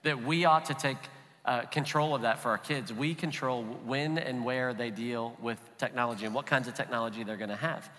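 Bright-voiced man preaching in a hall. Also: mid-range voice, brisk. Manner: relaxed and conversational, with light laughs. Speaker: pastor. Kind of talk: sermon. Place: church auditorium.

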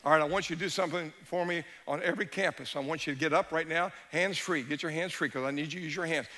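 A high-pitched man with a bright, forceful voice preaches to a congregation. He is middle-aged and tells his story with animated swings from hushed near-whispers to shouts. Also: quick pace. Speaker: pastor. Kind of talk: sermon storytelling.

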